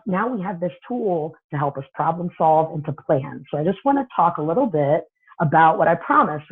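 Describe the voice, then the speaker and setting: A woman's voice: low voice, breathy edge. A woman therapist and coach giving a teaching talk, conversational and often checking in with "right?". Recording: tinny phone-like audio.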